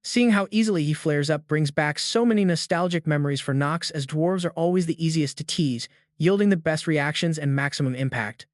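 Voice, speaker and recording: Steady male recap narrator, dry sound. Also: fairly high pitch, brisk, few pauses, dry recording. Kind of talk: scripted narration.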